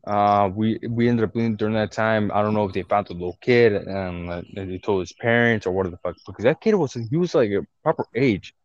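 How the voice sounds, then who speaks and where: A man's voice: lowish voice, a little fast, hardly any pauses, no echo. A young man telling a rambling story in casual podcast chat, swearing a lot and restarting his sentences. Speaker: podcast co-host. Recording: dull, dry lo-fi recording.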